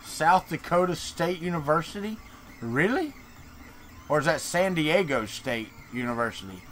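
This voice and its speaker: A man's voice: on the high side, animated, moderate pace, fairly bright tone, a little hiss or hum. A man from Florida with a Southern American accent, chatting and joking with viewers on a live stream. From Florida, Deep South. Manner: joking, chatty, reads and answers chat. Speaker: streamer host. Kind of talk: casual live-stream chat.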